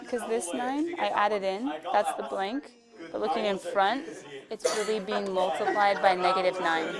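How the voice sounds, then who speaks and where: A woman's voice: medium pitch, moderate pace, over a noisy crowd. A woman teaching a classroom math lesson, playful and joking with her students as she works a problem.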